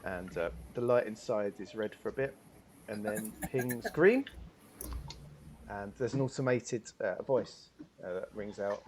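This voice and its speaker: A man narrating a tabletop game as game master, describing scenes slowly with many fillers. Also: lowish voice, animated, darkish tone, slight background noise.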